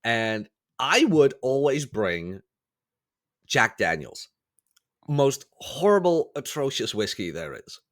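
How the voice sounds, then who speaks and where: A man who's still getting over a cold tells stories as a guest on a podcast, chatting casually. His mid-range voice is sing-song, slow and a bit bright, and he rambles, corrects himself and acts out the voices of people he quotes.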